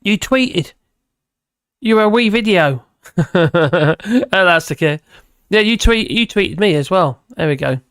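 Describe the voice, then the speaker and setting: A man hosts a casual livestream, rambling and humming to himself as he hunts for things. His voice is high, expressive and a bit bright, delivered at a measured pace. The clean, echo-free audio has studio quality.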